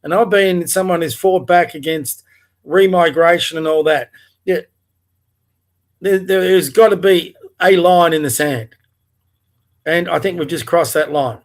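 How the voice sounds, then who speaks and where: A man's voice: a little high, unhurried, long pauses. An Australian man hosting a livestream, delivering an angry, profane political rant with blunt rhetorical questions. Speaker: livestream host. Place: home, in front of a TV.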